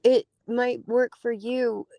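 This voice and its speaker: A woman guest speaking reflectively in a casual conversation, pausing to search for her words. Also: a little high, steady tone, dark tone, no echo.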